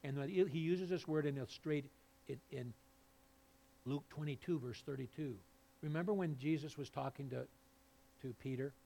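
A male pastor preaching a sermon, swinging between low, quiet passages and loud, fervent peaks. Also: normal speed, creaky, long pauses.

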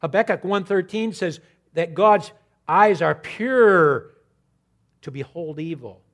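A man preaching a sermon, swinging between loud emphatic repetition and low quiet asides. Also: animated, takes it slowly, low-quality recording.

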